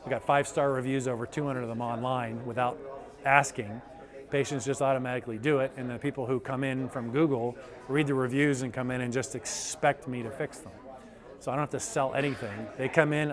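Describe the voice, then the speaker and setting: A male chiropractor giving an enthusiastic testimonial, telling patient stories and acting out their reactions. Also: mid-range voice. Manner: enthusiastic, animated storytelling with quoted patients. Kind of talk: testimonial interview.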